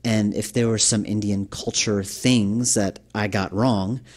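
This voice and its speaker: Game developer from New York, man; casual, rambling commentary, lowish voice. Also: steady tone, unhurried, a little mellow. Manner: rambling, many fillers and restarts.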